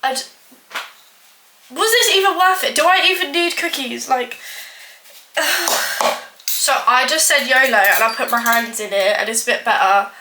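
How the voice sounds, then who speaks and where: High-voiced woman, chatty and self-mocking. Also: unhurried, pauses often, noisy background. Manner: rambling, self-mocking, full of filler "like". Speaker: baking vlogger. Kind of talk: casual chatty vlog. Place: home kitchen. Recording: echoey kitchen with clattering dishes.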